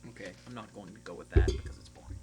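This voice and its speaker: A man's voice: racing, over music. A man co-hosting a casual comedy podcast, joking with friends and acting out silly stories. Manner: animated, puts on shrill voices for stories. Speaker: podcast co-host.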